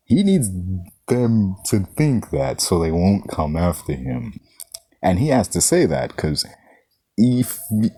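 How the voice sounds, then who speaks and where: Brief: deep-voiced male reviewer, loose and profane, dry close sound. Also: a little mellow, no echo. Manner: rambling, profane, heavy use of "like". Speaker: movie reviewer. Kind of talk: casual film review.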